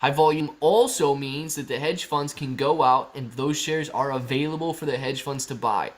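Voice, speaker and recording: A man's voice: medium pitch, moderate pace. A man hosting a casual livestream, chatting and answering viewer comments in a loose, rambling way. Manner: chatty, restarts sentences, calls viewers guys and bro. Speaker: livestream host.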